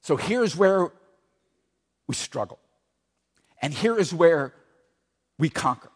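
A man's voice: fairly high pitch, lively intonation, slow pace, long reverb tail. A man preaching a sermon, repeating key phrases with emphatic weight. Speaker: pastor.

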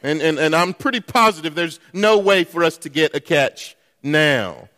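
A man's voice: a little high, animated, moderate pace, bright, forceful tone. A man doing an indignant, stammering fisherman. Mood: exasperated. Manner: stammering, raised and incredulous. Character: exasperated adult male fisherman, sarcastic and indignant. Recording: long church reverb.

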